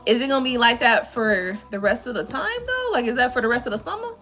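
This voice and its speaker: High-pitched woman chatting on a live stream, bouncy and swings all over, laughs and swears a lot. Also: expressive, fast talker, pushed and bright. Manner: chatty, laughing, profane and playful. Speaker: tarot reader and live stream host. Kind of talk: casual live stream chat with viewers.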